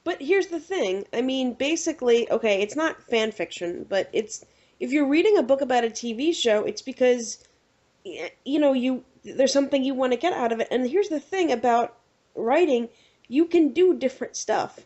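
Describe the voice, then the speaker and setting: A woman co-hosting a casual podcast, ranting with animated exasperation. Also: high-pitched, moderate pace. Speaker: podcast co-host. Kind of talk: casual chat. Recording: dull lo-fi recording.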